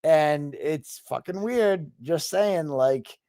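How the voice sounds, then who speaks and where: A man's voice: fairly high pitch, takes it slowly, no echo, studio quality. A man telling a story with a lot of swearing, in a casual chat over a video call. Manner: animated storytelling, frequent swearing. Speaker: guest.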